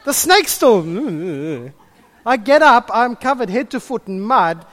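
A man's voice: very high-pitched, measured pace. A man preaching a sermon, telling stories and chatting with the congregation. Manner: storytelling, animated, chatty with the congregation. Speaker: pastor.

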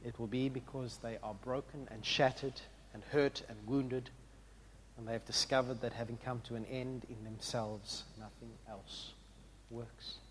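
A man preaching a sermon, with an impassioned delivery that swings from quiet reflection to loud exclamation. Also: mid-range voice, fairly even intonation, measured pace, a little hiss or hum. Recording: long hall reverb.

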